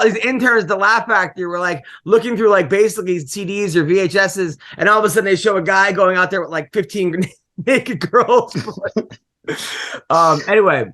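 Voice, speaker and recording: A middle-aged male comedian hosting a podcast, telling rambling, animated stories and laughing often. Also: sits high. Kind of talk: casual podcast chat, storytelling.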